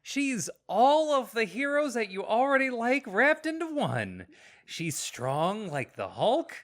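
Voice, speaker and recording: Sarcastic podcast cohost, bouncy pitch, slow drawn-out talk, lots of laughing. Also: sing-song. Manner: sarcastic, exasperated, laughs often. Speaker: podcast co-host. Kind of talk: casual film review chat.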